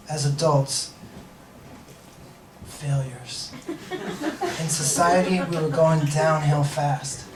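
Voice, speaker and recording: A man's voice: fairly high pitch, reverberant, distant mic, slight background noise, low-quality recording. A man telling a rambling personal story on stage, restarting sentences and laughing at his own asides. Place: stage in a room.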